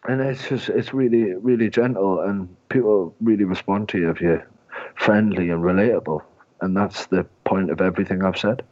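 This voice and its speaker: Young guy, real low voice, rambles on and pokes fun at himself, kinda muffled lo-fi sound. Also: moderate pace, darkish tone. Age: 20s. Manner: rambling, self-mocking storyteller. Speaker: guest, comedian and sales director. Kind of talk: long chatty interview answers. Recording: dull lo-fi sound.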